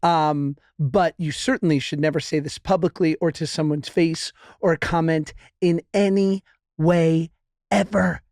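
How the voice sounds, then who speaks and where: A man's voice: a little high, steady tone, measured pace, a little mellow, no echo, studio quality. A man hosting a podcast in casual chat, wry and joking as he talks. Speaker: podcast host.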